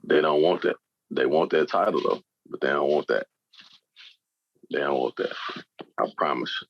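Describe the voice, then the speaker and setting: A man's voice: very deep voice, moderate pace, vocal fry, no echo, muffled recording. A man co-hosting a podcast, joking around in casual chat and imitating slang greetings. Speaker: podcast co-host.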